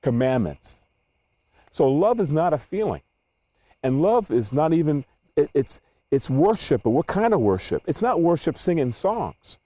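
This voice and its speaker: A man preaching in a hall to a live audience, with a mellow, dark-toned voice. He stops often to put questions to the room and repeats words as he gathers his thoughts. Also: fairly high pitch, sing-song, measured pace.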